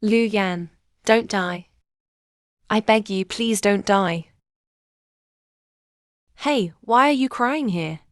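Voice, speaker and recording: A woman dubbing dialogue for a young heroine in a short romance drama, speaking in a slow, measured way with plain, even phrasing. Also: medium pitch, dry recording, clean studio sound, lightly acted.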